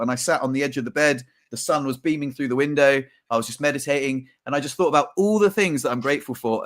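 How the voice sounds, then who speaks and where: A man's voice: on the high side, fairly bright tone. A man, co-hosting a casual podcast chat and telling a reflective personal story. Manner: reflective storytelling, acts out his own thoughts. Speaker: podcast co-host.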